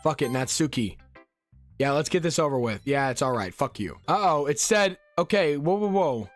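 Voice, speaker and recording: A young man reacting loudly to a horror game with lots of cursing and jumpy outbursts. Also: fairly high pitch, animated, normal speed, soft background music. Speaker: gaming YouTuber. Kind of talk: horror game let's play.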